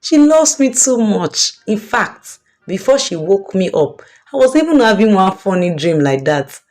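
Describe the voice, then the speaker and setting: A woman's voice: medium pitch, sing-song, unhurried, a little mellow. A woman doing a gushing, trusting young birthday girl.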